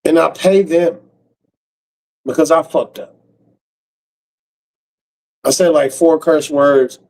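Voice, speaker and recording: Streamer, male, gravelly and slightly high, harsh profane ranter. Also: steady tone, takes it slowly, a little mellow, low-quality recording. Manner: blunt, cursing, harsh. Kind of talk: profane casual rant.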